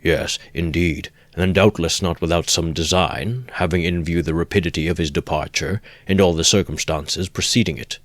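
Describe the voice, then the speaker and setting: A man reading aloud, voicing a pompous, long-winded middle-aged gentleman. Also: sits low, steady tone, normal speed, few pauses, no room sound, natural voice.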